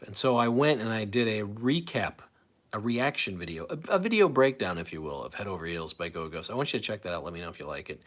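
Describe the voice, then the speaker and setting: Late 40s guy rambling on his live stream, restarts sentences a lot, reads chat out loud. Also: on the low side. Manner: rambling, self-interrupting, reads chat aloud.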